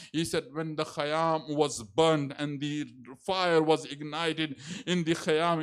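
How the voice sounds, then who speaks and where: Guy giving a sermon, kinda high smooth voice, fervent and halting with lots of uh's. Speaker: preacher. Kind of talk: religious sermon storytelling.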